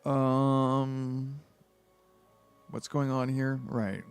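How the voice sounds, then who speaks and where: A man's voice: medium pitch, little pitch movement, very slow, smooth, soft background music. A man with a head cold reading a book aloud, breaking off into crude, bewildered, self-mocking asides. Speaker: book reader. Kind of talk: comedic reading with rambling asides.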